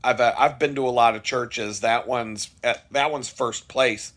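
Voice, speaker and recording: Man, husky voice, casual vlog storytelling, blunt and profane, amused. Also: mid-range voice, steady tone, slow, fairly bright tone. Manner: blunt and profane, laughing at his own story. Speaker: vlogger.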